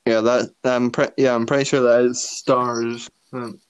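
A man's voice: mid-range voice, little pitch movement, unhurried, smooth, no room sound. A young man chatting casually as a podcast co-host, rambling and hesitant, laughing often. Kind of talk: casual chat.

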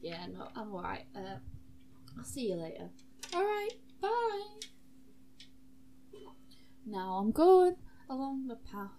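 A woman's voice: fairly high pitch, big pitch swings, slow, pauses often, mellow, a little hiss or hum, heavily acted. A woman voicing a brash, crude male knight who swears freely and talks bluntly and offhand. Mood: breezy.

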